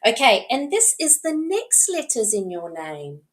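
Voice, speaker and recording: A reading specialist with a New Zealand accent talks parents through a lesson at an unhurried pace. Her pitch rises and falls freely as she demonstrates each step. She stays patient and encouraging throughout. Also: very animated. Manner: encouraging, slow and patient, demonstrating with letter tiles. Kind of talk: instructional talk to parents.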